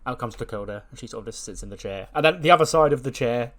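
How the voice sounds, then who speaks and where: Brief: male host, casual filler-heavy game narration, mid-pitched voice. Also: animated, fast talker, a bit bright. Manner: casual, filler-heavy, imagines scenes aloud. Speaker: host of a wrestling sim playthrough.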